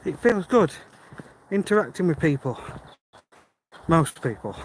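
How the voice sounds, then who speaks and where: With big swings in his fairly high voice, a British man chats to his live stream at a measured pace while walking outdoors on a dark rural road. He reads the chat and muses aloud in a friendly way. The rough recording picks up faint birds and passing cars.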